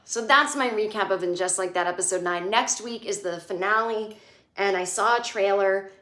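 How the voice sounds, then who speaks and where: A woman comedian in her forties giving a casual, sarcastic TV recap, swearing and acting out quotes in shrill voices. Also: moderate pace, bright, forceful tone. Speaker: comedian podcast host. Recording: echoey room.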